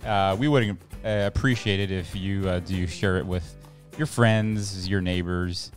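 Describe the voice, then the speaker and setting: A man's voice: low voice, fairly even intonation, measured pace, soft background music. A middle-aged man from El Paso co-hosting a podcast in casual, rambling chat with many fillers. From El Paso, Texas. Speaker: podcast co-host.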